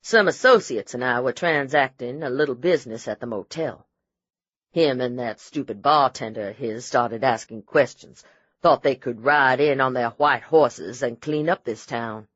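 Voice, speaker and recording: A man's voice: medium pitch, moderate pace, a bit bright, no echo, dull audio, lightly acted. A man voicing a smug villainous sheriff. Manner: taunting, bragging, condescending. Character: smug menacing male small-town sheriff, villain.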